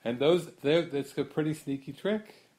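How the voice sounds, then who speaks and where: A man giving a spiritual talk to a gathering. He muses aloud, asks questions, laughs often, and slows down on key phrases. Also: on the high side, a little mellow. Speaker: spiritual teacher.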